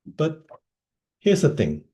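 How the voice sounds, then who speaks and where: Speaker from Indonesia, lively comic storyteller, slow deliberate pace, animated pitch. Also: male voice. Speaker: club speaker. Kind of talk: humorous speech.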